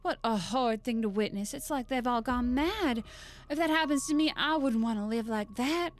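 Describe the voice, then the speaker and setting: A woman's voice: fairly high pitch, expressive, moderate pace, a little hiss or hum, natural voice. A woman voicing an elderly female pug with a prim Southern belle accent. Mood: disgusted. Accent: American Southern belle.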